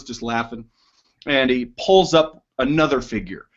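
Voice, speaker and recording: A man narrating as game master of a tabletop game, in an unhurried, hesitant way with many fillers. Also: medium pitch, dull audio.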